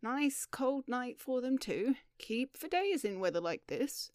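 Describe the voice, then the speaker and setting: A woman voicing a breezy, sarcastic gentleman in an audiobook, calm and dry-witted. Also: high voice, a little slow, dry recording, pitched above the performer's own voice. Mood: wry. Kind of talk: audiobook reading.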